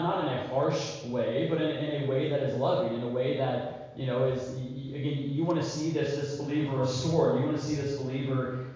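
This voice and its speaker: A man's voice: mid-range voice, darkish tone. A man preaching a sermon as a pastor, speaking earnestly and often repeating words and checking in with "all right.". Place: church sanctuary. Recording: dull lo-fi church recording with long hall echo.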